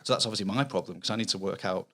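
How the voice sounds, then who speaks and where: Fast-talking Mancunian man, low voice. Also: sharp tone. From Manchester, England. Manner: chatty, earnest, explains at length with restarts. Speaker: children's author guest. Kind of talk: casual podcast interview.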